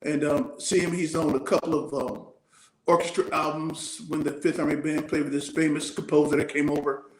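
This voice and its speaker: A man's voice: a little high, moderate pace, reverberant, slight background noise, rough recording. A man in his sixties, a retired soldier, telling stories from his childhood in an interview, acting out the voices he quotes. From United States. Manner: animated storyteller, acts out quoted voices. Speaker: retired Army Ranger guest. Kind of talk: storytelling interview.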